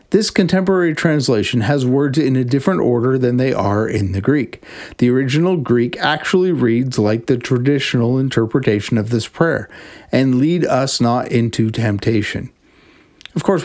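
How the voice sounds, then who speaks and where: A man hosting a devotional podcast, teaching on Scripture in a measured, reflective way and reading passages slowly. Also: mid-range voice, darkish tone. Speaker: podcast host.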